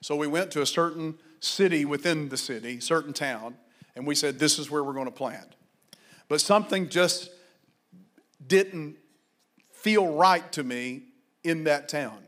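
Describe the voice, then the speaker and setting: Male pastor, high pitch, fervent sermon delivery with shouted peaks. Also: measured pace, long pauses. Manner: fervent, rising to shouted exhortations, then quiet storytelling.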